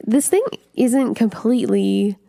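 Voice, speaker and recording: A woman's voice: a little high, measured pace, creaky, warm tone, no echo, clean studio sound. A woman co-hosting a casual film podcast, chatty and full of "like", laughing often as she talks. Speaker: podcast co-host.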